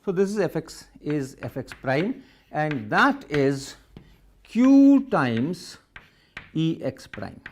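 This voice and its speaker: Slow, methodical male physics lecturer. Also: on the high side, sing-song, a little hiss or hum. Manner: repeats phrases while writing, methodical. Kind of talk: lecture worked through step by step on a board.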